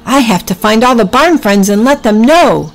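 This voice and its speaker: A woman voicing an excitable young male rat who squeals in panic. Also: a little high, normal speed, voice pushed up. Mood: worried.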